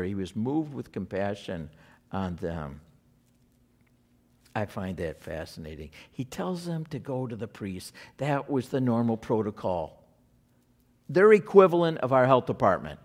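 A man preaching a sermon, animated, rising and dropping sharply for emphasis. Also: medium pitch. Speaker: pastor.

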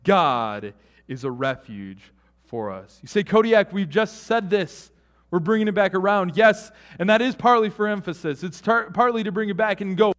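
A man preaching a sermon, conversational and full of asides, swinging between loud emphatic lines and hushed, near-whispered ones. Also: high-pitched, lively intonation, normal speed, long reverb tail. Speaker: pastor.

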